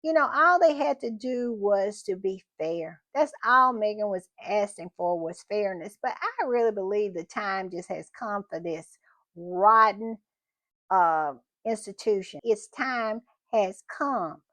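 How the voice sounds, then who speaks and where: Woman host, unhurried and emphatic, dry close recording. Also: medium pitch, animated, fairly bright tone, no echo. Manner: chatty and emphatic, repeating phrases. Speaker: commentary channel host. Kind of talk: casual opinion commentary.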